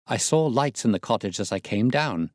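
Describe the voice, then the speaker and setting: A man's voice: mid-range voice, expressive, normal speed, darkish tone, dry recording, clean studio sound, close to an everyday voice. A man voicing an agitated Victorian husband in an audiobook reading, urgent and raised.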